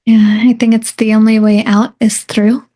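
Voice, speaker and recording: A woman's voice: a little high, little pitch movement, moderate pace, dark tone. A woman hosting a podcast interview, asking curious, open questions. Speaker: podcast host. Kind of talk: interview conversation.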